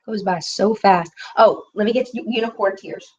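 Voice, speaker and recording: A woman's voice: mid-range voice, moderate pace, a little mellow, husky. Chatty woman doing a beauty live chat, reads out comments, kinda muffled lo-fi stream audio. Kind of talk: casual live chat reading viewer comments.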